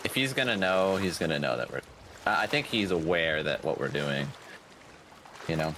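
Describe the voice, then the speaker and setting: Low-voiced young man in game chat. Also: lively intonation, normal speed, noisy background. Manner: casual, planning aloud, frequent "like" and "okay". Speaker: gaming host. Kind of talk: casual gameplay chat.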